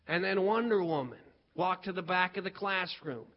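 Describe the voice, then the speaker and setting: A man with a very high voice performs a story with lively, dramatic build-ups. He breaks into shouts at the tense moments. The recording sounds dull and lo-fi. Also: moderate pace.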